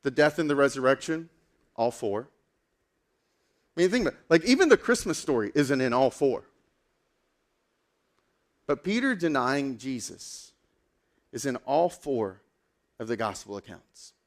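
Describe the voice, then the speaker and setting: A man preaching a sermon as a pastor, telling a story in a casual, animated way with lots of fillers. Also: mid-range voice, a little slow, long pauses.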